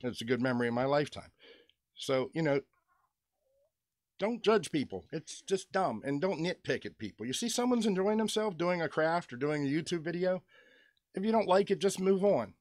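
A man's voice: a little high, no echo, clean studio sound. A middle-aged man from western Pennsylvania rambling through a joking story at home, chuckling as he talks. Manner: chatty, joking, chuckles between stories. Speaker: toy customizer vlogger. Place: at home with his dog nearby.

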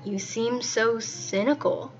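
A woman's voice: fairly high pitch, slow. A woman voicing a teenage boy who jokes around and gets flustered around a girl, in a casual manner for a storybook reading. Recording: muffled, faint music behind.

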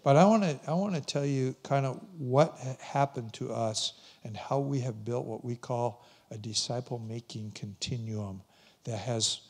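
An older male pastor speaking at a conference, with a voice of middling pitch. He tells his story in a relaxed, conversational way and keeps the anecdote lively as he goes. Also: moderate pace, slightly rough.

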